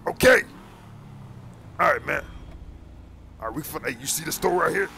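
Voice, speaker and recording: A man's voice: fairly high pitch, lively intonation, moderate pace, gravelly, bright, forceful tone, slight background noise, exaggerated voice. A man voicing a bossy street gang recruiter, full of slang, constantly calling others boy and man.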